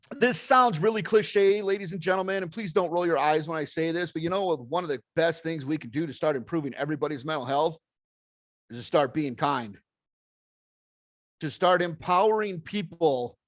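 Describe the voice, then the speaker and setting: A middle-aged man speaks to an audience in a plainspoken, folksy way, acting out each bit of dialogue as he tells it. His voice sits a little high for a man. The sound is close and dry, with almost no room around it. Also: no echo. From American Midwest. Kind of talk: motivational talk to an audience.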